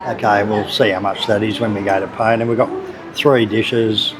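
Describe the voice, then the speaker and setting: A man's voice: fairly low pitch, normal speed, a crowd in the background. A man with an Australian accent, chatting casually as a food vlogger about a local cafe. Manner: relaxed, chatty, laid-back. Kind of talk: casual vlog narration. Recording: noisy cafe background.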